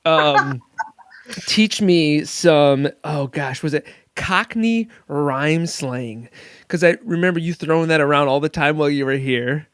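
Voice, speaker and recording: A man's voice: on the high side, a bit bright, clean tone. An American man hosting a podcast, curious and giggly, asking questions in casual chat. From United States. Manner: giggly, curious, quick to laugh. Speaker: podcast host.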